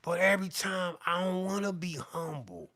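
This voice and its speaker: Fired-up middle-aged man, bright high voice. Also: fairly even intonation, normal speed, creaky. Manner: profane, repetitive, fired-up. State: sweating, worked up. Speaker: beatmaker. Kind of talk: heated off-the-cuff rant to camera.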